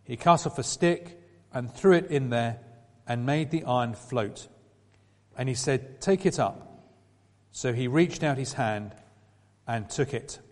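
A man reads scripture aloud at a middling pitch, in a measured, steady delivery. He lifts his voice slightly when quoting the characters. The sound rings on in a long hall reverb. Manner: measured, lifting his voice for quoted speech. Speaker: scripture reader. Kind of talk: scripture reading.

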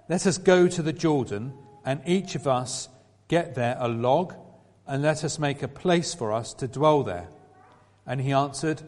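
A man reading a scripture passage aloud in a measured way, lifting his voice a little for quoted speech. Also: on the high side, darkish tone. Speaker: scripture reader. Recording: long reverberant hall.

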